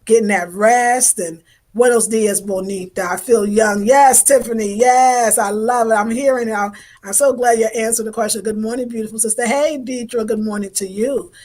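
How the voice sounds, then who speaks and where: A woman's voice: a little high, steady tone, moderate pace, a little mellow. Effusive woman in her fifties chatting. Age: 50s. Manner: chatty, effusive, informal slang. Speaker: livestream host. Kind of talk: casual livestream chat reading viewer comments.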